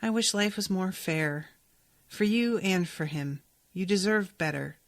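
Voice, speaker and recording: A woman reading aloud the lines of a gentle, dying older woman who apologizes and gives loving advice. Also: fairly low pitch, unhurried, dry recording, clean studio sound. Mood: tender. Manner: soft, reading aloud from a novel.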